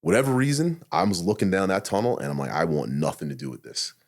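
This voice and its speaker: A middle-aged man tells a personal story on a podcast in a very low, husky voice. He talks fast and swears often, and he acts out his own thoughts as quoted lines. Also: very animated. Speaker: podcast guest, retired SWAT officer. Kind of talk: candid storytelling in a podcast interview.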